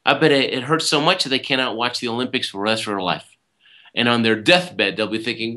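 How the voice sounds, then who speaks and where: A man telling a personal story as a motivational speaker, emphatic and animated, often checking in with "right?". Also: medium pitch, a little fast. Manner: punctuates points with "right?"; emphatic, swings loud and soft.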